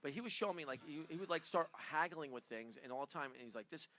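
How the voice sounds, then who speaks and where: A man's voice: fairly high pitch, animated, fast, bright, forceful tone, no room sound. A man hosting a radio talk show, chatting casually with guests, laughing often and tripping over his own words. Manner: rambling, laughs often, stammers and repeats himself. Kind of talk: casual studio chat.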